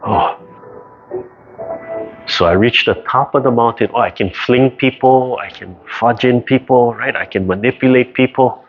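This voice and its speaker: A man's voice: medium pitch, normal speed. A man teaching tai chi in a casual, conversational way, often tagging his points with "right?". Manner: conversational, keeps asking "right?", acts out quoted voices. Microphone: video call. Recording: muffled video call audio.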